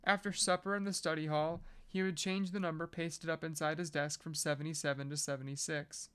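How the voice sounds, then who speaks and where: Podcast reader going through a novel out loud, smooth clear voice, mid pitch, steady reading. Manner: measured reading with casual joking asides.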